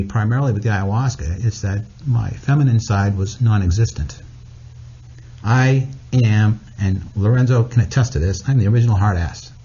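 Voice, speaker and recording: A man talking as a podcast guest and author, candid and blunt, telling personal stories with animated delivery. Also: medium pitch, slightly rough, muffled recording. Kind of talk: casual podcast conversation.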